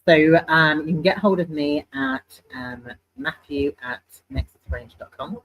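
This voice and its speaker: A man's voice: a little high, measured pace, a bit bright, low-quality recording. A British man, a guest sales manager, chatting casually and jokingly on a live stream. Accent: British English. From England. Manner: chatty and jokey, self-deprecating. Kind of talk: casual chat. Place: live in-person stream at a trade show.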